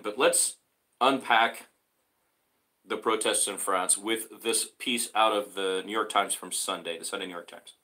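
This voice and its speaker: Guy hosting his own little show, reading the paper out loud, lowish voice but bright and punchy, lots of uh and restarts. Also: poor audio. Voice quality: halting, with frequent fillers and restarts. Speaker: host. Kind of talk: casual solo show reading a newspaper aloud with commentary.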